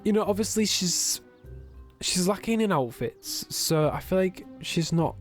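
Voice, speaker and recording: A man's voice: sits high, expressive, a little slow, faint music behind. A young man giving joking, sarcastic commentary while playing a video game. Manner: sarcastic, joking, camp asides. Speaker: let's play gamer. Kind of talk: gameplay commentary.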